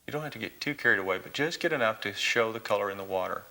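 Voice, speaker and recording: Folksy male painting instructor, bright and forward tone, chatty step-by-step delivery. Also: lowish voice, animated, rapid-fire. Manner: folksy, encouraging, talks through each brushstroke. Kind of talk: televised painting lesson.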